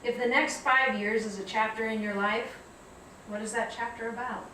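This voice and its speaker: A woman giving a reflective public talk, telling stories in a measured way. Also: a little high, fairly even intonation, bright, forceful tone, heavy reverb, recorded from a distance, slight background noise, low-quality recording. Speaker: guest speaker. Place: lecture hall.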